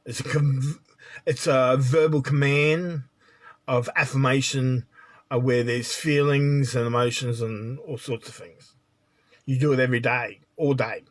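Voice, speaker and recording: Man, spiritual teacher, blunt lecturing monologue, mid-pitched voice. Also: steady tone, unhurried. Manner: blunt, lecturing, repeats "right?".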